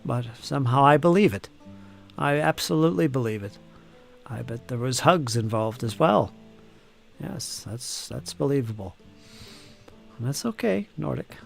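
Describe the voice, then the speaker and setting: Gravelly joking man streaming casually. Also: mid-range voice, lively intonation, measured pace, pauses often, faint music behind. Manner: joking, teasing chatter with frequent laughs. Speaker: live stream host painting miniatures. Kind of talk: casual chat reading viewer comments.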